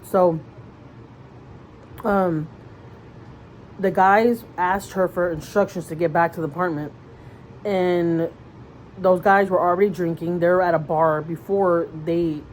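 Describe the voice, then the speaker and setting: A woman vlogger with a fairly low voice tells a long story to her camera. Her delivery is casual and rambling, with lots of fillers and restarts. She sounds earnest and conversational throughout. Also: a little slow, long pauses, a little mellow, slight background noise, poor audio. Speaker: mother vlogger.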